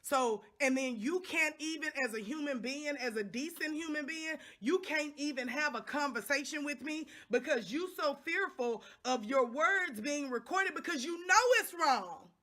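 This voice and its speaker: A woman's voice: sits high, animated, moderate pace, few pauses, sharp tone. A middle-aged woman, vlogging to camera, upset and impassioned, repeating lines for emphasis. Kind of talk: angry direct-to-camera vlog.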